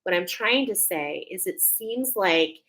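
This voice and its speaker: A woman giving an intuitive oracle card reading to her viewers, earnest and searching, repeating phrases and pausing often with fillers. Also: mid-range voice, lively intonation, fairly bright tone, poor audio. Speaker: spiritual card reader.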